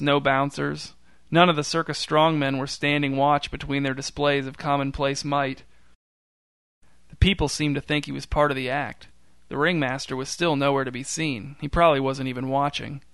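A man narrating a short story in a dry, deadpan storytelling manner. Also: fairly high pitch, smooth, dry recording.

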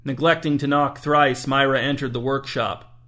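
A man narrating a story aloud in a dry, deadpan manner. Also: medium pitch, moderate pace.

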